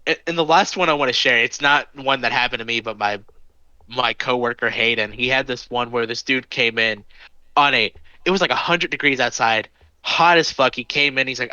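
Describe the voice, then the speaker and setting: A man in his early twenties, a podcast co-host, telling anecdotes in animated, swear-heavy casual chat. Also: mid-range voice, normal speed, no echo, dull audio. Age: 20s. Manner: animated storytelling, lots of swearing.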